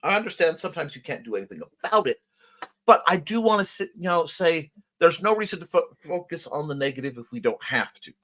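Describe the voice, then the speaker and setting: Chatty male livestream host, lively pitch. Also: fast. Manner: chatty, playful, reads chat messages aloud. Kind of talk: casual livestream chat, reading out comments.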